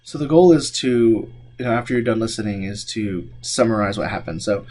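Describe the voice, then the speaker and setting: A man's voice: lowish voice, lively intonation, a little fast, darkish tone. Chatty male instructor with filler words. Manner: conversational, many fillers and restarts. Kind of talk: classroom lecture.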